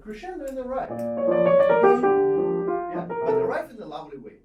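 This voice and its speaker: A man coaching a piano student in a masterclass, animated and repeating short instructions, slipping into German. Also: extremely high pitch, normal speed, lo-fi sound. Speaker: piano teacher. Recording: roomy hall from a distance with piano.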